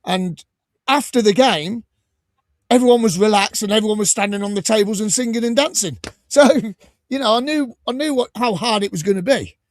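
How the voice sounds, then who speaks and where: Man, Midlands accent, chatty storyteller, fairly high voice, dry close sound. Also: brisk, dry recording. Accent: English Midlands. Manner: chatty storyteller, lively and animated. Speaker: podcast host. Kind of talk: casual chat.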